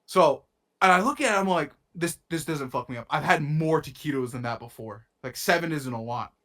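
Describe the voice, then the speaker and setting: A man's voice: on the high side, animated, a little fast, fairly bright tone. A young man co-hosting a podcast, telling a rambling story in casual chat with lots of swearing and slang, his nose a bit stuffy. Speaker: podcast co-host.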